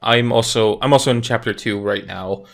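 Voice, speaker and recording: A man's voice: lowish voice, steady tone, normal speed, creaky. A man co-hosting a casual podcast, speaking in a laid-back, agreeable way. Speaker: podcast co-host. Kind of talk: casual podcast chat about video games.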